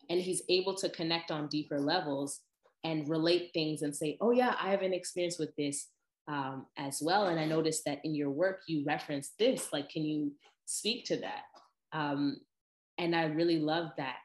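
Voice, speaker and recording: A woman with a low voice talks in a loose, animated way, jumping between tangents and putting on quick voices. Her voice rings off the walls of a reverberant room. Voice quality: animated, lively with laughs and imitated voices. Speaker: podcast host. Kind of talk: casual chat. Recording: echoey room.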